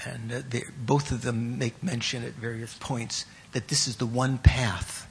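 A man teaching a class on Buddhist meditation and terms, pausing often, repeating words and putting questions to his students. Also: mid-range voice, level tone, vocal fry, slight background noise.

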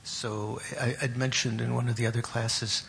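A man teaching a class on Buddhist meditation and terms, pausing often, repeating words and putting questions to his students. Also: medium pitch, level tone, vocal fry, a bit bright, slight background noise.

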